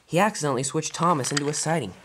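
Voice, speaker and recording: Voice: mid-range voice, racing, a bit bright, a little hiss or hum. A narrator telling a toy train fan-film story in a dramatic, storybook way.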